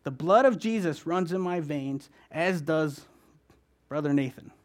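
A man preaching a conversational sermon, talking fast and often checking in with his listeners. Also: a little high, expressive. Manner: fast-talking, keeps asking "right?". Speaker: guest preacher.

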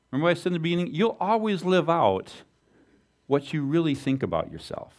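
A man preaching a sermon as a pastor, animated and asking the congregation rhetorical questions. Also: on the high side.

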